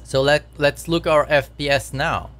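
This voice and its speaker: A man's voice: a little high, fairly even intonation, a little slow, a bit bright. A man chatting casually while he codes on a live stream, talking to his viewers and laughing at his own troubles. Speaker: game developer streaming his work.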